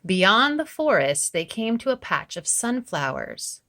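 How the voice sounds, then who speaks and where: Expressive, creaky-voiced woman teacher reading aloud. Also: medium pitch, unhurried. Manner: gentle, encouraging teacher talk. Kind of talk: reading aloud to children, with vocabulary lessons.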